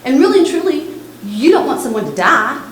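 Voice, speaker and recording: A woman's voice: sits high, very animated, brisk, a little hiss or hum. Earnest Texan woman in an echoey hall. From Texas. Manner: earnest, repetitive, direct to young listeners. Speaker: suicide prevention speaker. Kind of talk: talk to church students. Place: church hall.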